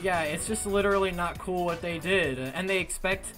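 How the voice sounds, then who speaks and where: Young man, bright voice, exasperated ranting, casual stream chat, faint background music. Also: sits high, normal speed. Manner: ranting, loud and exasperated, repeating himself.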